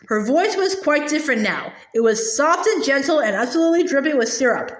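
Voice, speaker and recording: Woman, storybook reading, high voice, expressive, small slips, roomy echo. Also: brisk, hardly any pauses. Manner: expressive, occasional slips and repeated words. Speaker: storybook reader. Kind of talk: reading a children's novel aloud.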